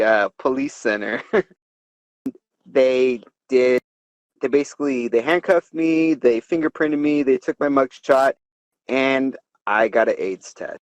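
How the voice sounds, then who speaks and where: A man hosting a comedy podcast tells a crude story, rambling and profane, laughing as he goes. His voice is medium-pitched with no echo, on a rough recording.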